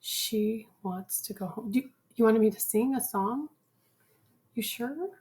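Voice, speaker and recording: A woman's voice: a little high, measured pace, darkish tone. A schoolteacher hosting a home cooking video, chatting playfully and teasing her daughter while tasting the food. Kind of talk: casual chat. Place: home kitchen.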